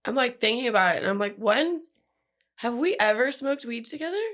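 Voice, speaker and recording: A woman's voice: a little high, animated, a little fast, a bit bright. A woman co-hosting a podcast, reacting with laughs and casual swearing in a loose chat. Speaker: podcast co-host.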